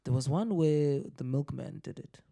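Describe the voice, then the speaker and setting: Young man, podcast co-host, slightly high voice, dry jokey asides. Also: normal speed, creaky, warm tone. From South Africa. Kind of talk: casual chat.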